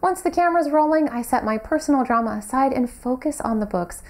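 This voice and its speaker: A woman's voice: high-pitched, expressive, brisk. A young adult woman vlogging about books, speaking earnestly and articulately to her viewers. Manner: earnest, articulate, self-critical in bloopers. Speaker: book vlogger. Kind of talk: scripted vlog address then outtakes.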